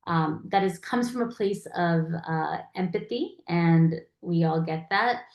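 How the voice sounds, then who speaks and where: A woman's voice: on the low side, a little mellow, echoey room. A woman teaching a lecture in a conversational way, acting out quoted phrases as she goes. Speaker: palliative care educator.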